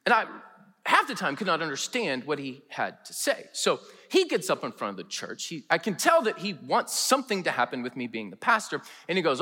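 Animated pastor telling stories in a hall. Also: male voice, on the high side, fairly quick, slightly rough. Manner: animated, humorous storytelling. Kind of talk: sermon with storytelling. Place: large chapel.

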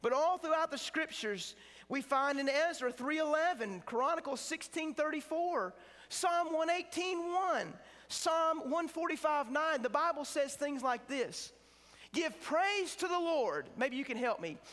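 A man preaching in a chapel, with a high voice and a bright, forceful edge. He leans hard on key words and draws them out slowly. Long reverb from the chapel hangs after each phrase. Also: lively intonation. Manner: emphatic, slows down on key words. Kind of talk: sermon. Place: seminary chapel.

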